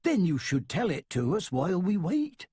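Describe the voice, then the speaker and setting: A man's voice: on the high side, big pitch swings, measured pace, slightly rough, dry recording, clean studio sound, voice pushed up, exaggerated voice. A man voicing a cheerful woman traveler with a lilting accent, in a raised voice. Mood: bright. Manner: warm, lilting.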